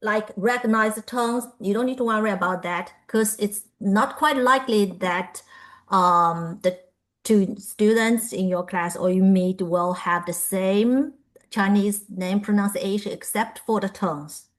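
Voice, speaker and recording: A woman presenting a pronunciation workshop, reading sound lists aloud with frequent filler pauses. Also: medium pitch.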